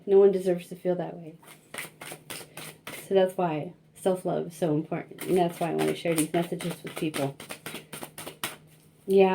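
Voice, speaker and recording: A woman's voice: fairly low pitch, mellow, a little hiss or hum. A young woman giving a casual tarot reading, rambling and self-conscious, laughing often and filling her talk with likes and you-knows. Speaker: tarot reader.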